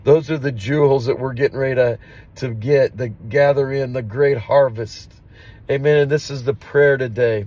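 A man's voice: mid-range voice, fairly even intonation, normal speed, warm tone. Fervent man preaching scripture. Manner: fervent preaching, with repeated amens. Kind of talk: daily devotional scripture reading and prayer.

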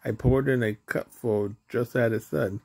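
A man's voice: mid-range voice, fairly even intonation, measured pace, creaky, a little mellow, breathy edge. A man voicing a good-natured, weary father bear in a storybook reading.

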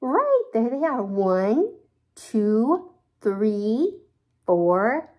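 A woman reading a children's picture book aloud, talking to young listeners in a slow, animated way. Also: on the high side. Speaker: storybook reader.

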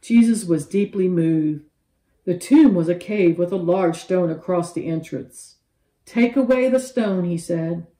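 A woman teaching a children's Bible lesson, telling the story with animated, expressive voices for each character. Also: on the low side, measured pace, roomy sound, poor audio.

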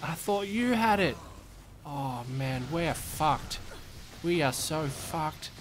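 A man's voice: a little high, animated, slow pace, noisy background, pitched above the performer's own voice. A man playing a frantic swearing Aussie worker. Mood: panicked. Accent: broad Australian. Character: panicking male Aussie worker who lost a capsule.

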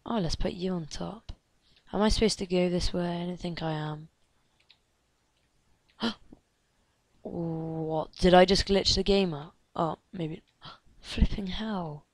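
A woman giving let's play commentary, excitable and gasping, chattering at game characters and dropping into hushed whispers. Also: fairly low pitch, slow pace, pauses often, dry recording. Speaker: gamer.

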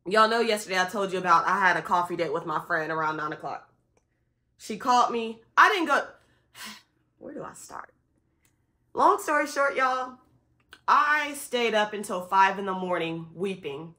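Bright-voiced young woman, tearful vlog talk. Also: mid-range voice, moderate pace, long pauses. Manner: candid and expressive, addresses viewers directly as y'all. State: tearful and tired. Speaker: vlogger. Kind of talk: emotional personal vlog talk.

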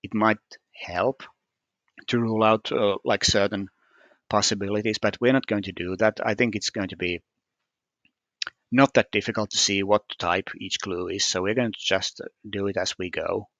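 A man's voice: fairly low pitch, steady tone, normal speed, fairly bright tone, no echo, dull audio. A man walking through a puzzle solution step by step, hesitant and methodical, with frequent fillers. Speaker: puzzle solver explaining solutions. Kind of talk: screen-recorded puzzle walkthrough.

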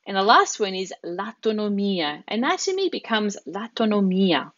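A woman's voice: medium pitch, dry recording. An upbeat, chatty woman teaching a live online lesson and talking straight to her viewers. Her voice is close and dry, with no room around it. The stream audio is dull and lo-fi. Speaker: Italian language teacher.

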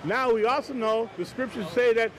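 A man arguing back on a city street with a fairly high voice. He answers in short, stubborn bursts, repeating the same objections over and over. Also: normal speed. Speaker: Christian debater. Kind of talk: heated street debate.

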